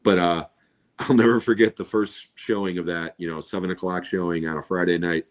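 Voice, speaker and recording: A man's voice: sits low, fairly even intonation, brisk. A middle-aged man co-hosting a movie podcast, chatting casually and telling stories with eager enthusiasm and frequent laughs. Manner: enthusiastic, reminiscing storyteller who laughs often. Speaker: podcast co-host. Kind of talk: casual chat about movies.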